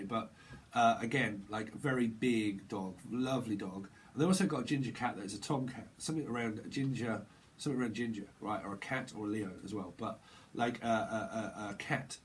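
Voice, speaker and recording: A man rambles through a live tarot reading in a casual, slangy way, repeating himself as ideas tumble out. His pitch sits in an ordinary middle range. A faint ambient hum sits behind his voice. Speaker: tarot reader.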